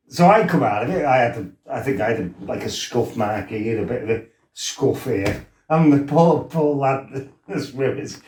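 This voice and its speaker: A middle-aged man tells his story in a loose, chatty way. He laughs and swears as he goes and acts out the other people's lines. His voice sits at an ordinary pitch and echoes in the room. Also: a little mellow, slight background noise. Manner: laughing, swearing, acting out quotes. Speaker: former fighter telling his life story. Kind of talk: casual storytelling.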